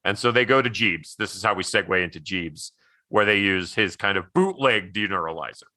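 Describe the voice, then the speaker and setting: A man with a low, forceful voice chats casually as a podcast co-host. He rambles through recaps with plenty of "like" and laughs easily. The sound is close and dry. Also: fairly quick, no room sound. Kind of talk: casual movie chat.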